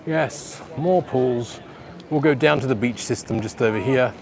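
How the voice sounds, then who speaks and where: A man's voice: medium pitch, measured pace, background noise. Chatty man vlogging live outdoors. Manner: chatty, rambling, addresses viewers at home. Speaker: livestream vlogger. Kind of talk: live walking tour commentary. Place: outdoor beach resort pool area. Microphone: handheld phone camera.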